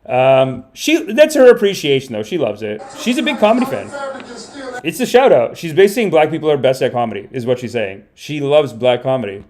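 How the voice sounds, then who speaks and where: Animated rambling male comedian. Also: medium pitch, fairly quick. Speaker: comedian and podcast host. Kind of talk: casual livestream commentary.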